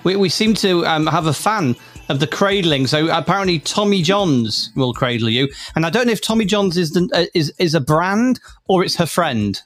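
Male co-host, fairly high voice, jokey and teasing, faint music under it. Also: expressive, normal speed, fairly bright tone. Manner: joking, teasing, laughs often. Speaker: podcast co-host. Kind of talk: casual chat.

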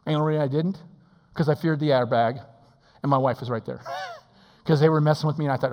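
A male pastor preaching a sermon in a church. He swings between shouting and hushed, intimate tones and acts out quotes in playful voices. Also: a little high, animated, brisk, pauses often, long reverb tail.

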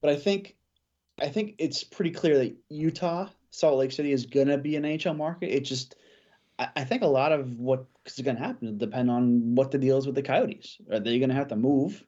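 A man chatting casually about hockey as a podcast guest, thinking out loud with fillers and restarts. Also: medium pitch, brisk, dull audio. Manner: thoughtful, many fillers and restarts. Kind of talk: casual sports chat.

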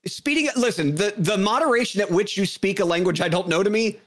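A man in casual podcast banter, animated and profane, joking and putting on silly voices. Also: high voice, a little fast.

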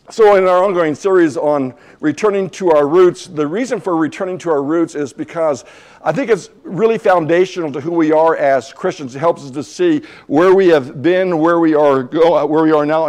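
A man's voice: fairly high pitch, a little mellow. A man in his seventies teaching a church lesson in a conversational sermon style, telling folksy, humorous stories and acting out dialogue. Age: 70s. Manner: storytelling, acting out both sides of a dialogue; folksy and humorous, with frequent restarts. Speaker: church Bible class teacher.

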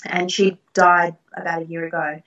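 A middle-aged woman recounts personal experiences in an interview, earnest and reflective, with soft laughs. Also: fairly low pitch, level tone, normal speed, lo-fi sound. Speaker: guest. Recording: roomy, distant from the mic.

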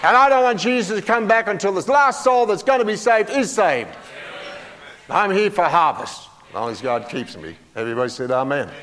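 A man's voice: high voice, expressive, normal speed, fairly bright tone, in a large hall. An older man preaching a sermon in a folksy, humorous way, often putting questions to the congregation.

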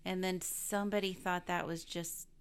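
A woman's voice: lowish voice, level tone, moderate pace, clean tone. A woman co-hosting a podcast, chiming in with dry quips during a casual movie review chat. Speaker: podcast co-host.

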